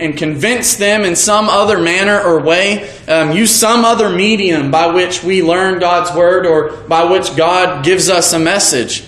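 A man preaching an evening sermon, earnest and halting, slowing down to stress key words. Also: sits high, a bit bright. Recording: echoey room.

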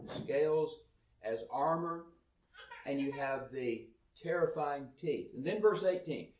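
A man's voice: mid-range voice, expressive, slow pace, darkish tone, recorded from a distance, a little hiss or hum. Man teaching scripture, echoey room. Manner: reads scripture aloud with rising emphasis, then comments. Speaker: Bible teacher. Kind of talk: sermon-style Bible teaching.

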